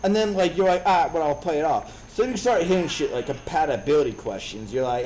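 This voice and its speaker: A man in his thirties from Chicago, telling a profane, animated story in a casual rant while streaming a game. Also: fairly high pitch, fast, few pauses, slight background noise, poor audio. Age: 30s.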